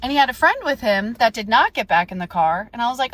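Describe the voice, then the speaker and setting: Animated indignant young woman. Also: on the high side, fast talker, no echo. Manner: animated, indignant, acts out dialogue. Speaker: storyteller vlogger. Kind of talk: casual storytelling rant.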